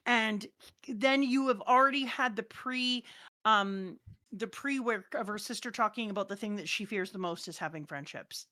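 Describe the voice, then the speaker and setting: Casting: woman co-host, lively storyteller who bursts out loud at times, dry close mic. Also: fairly high pitch, moderate pace, dry recording. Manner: animated, swings from hushed retelling to loud outbursts. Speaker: podcast co-host. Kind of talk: casual chat.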